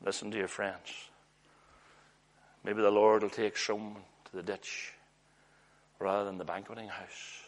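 Male preacher, lowish voice, earnest storyteller with hushed asides. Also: level tone, a little slow, pauses often. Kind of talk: sermon.

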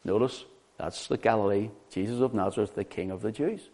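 Guy preaching a sermon, lowish voice, lively, keeps asking the room if it makes sense. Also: fairly quick. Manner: animated, asks the listeners rhetorical questions. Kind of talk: sermon, Bible teaching.

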